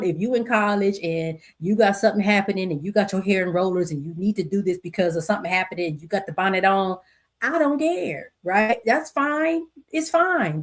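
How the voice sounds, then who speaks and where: Middle-aged woman, casual solo podcast host, lively and quick to laugh. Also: medium pitch. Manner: animated, laughs often, reads stories aloud with voices. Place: home desk with two computer screens.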